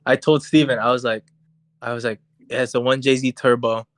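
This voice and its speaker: A young man co-hosting a podcast, telling a story in a casual, animated, profane way and acting out what people said. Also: medium pitch, fairly quick, no room sound. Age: young adult. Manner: animated, profane, acts out quotes. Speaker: podcast co-host. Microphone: podcast mic on voice chat.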